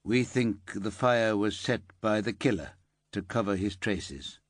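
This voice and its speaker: A man playing a weary police inspector who speaks in a measured, subdued way, in an audiobook. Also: fairly low pitch, dry recording, studio quality. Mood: subdued gentle. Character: weary male police inspector, careful and gentle.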